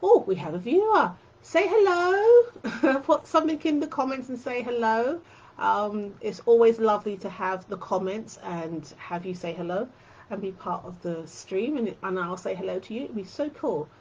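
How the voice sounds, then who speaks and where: A woman's voice: mid-range voice, lively intonation, moderate pace, a little mellow, husky, muffled recording. A woman hosting a quilting tutorial live stream, chatting casually and fondly with her viewers.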